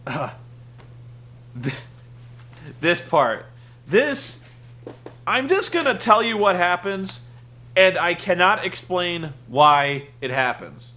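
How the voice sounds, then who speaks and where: A man's voice: sits high, very animated, slow, pauses often, sharp tone. A young man hosting a casual wrestling review podcast, sarcastic and rambling, acting out the quotes he recounts.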